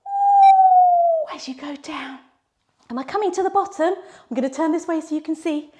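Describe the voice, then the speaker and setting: A woman's voice: sits high, a little fast, heavy background noise. A woman leading a playful children's yoga session, telling a story with sound effects. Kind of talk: guided kids' yoga story.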